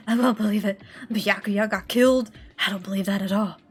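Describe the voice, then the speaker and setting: A woman voicing a determined young man in a fan voice-over of a game, earnest and steady. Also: mid-range voice, normal speed, soft background music, natural voice.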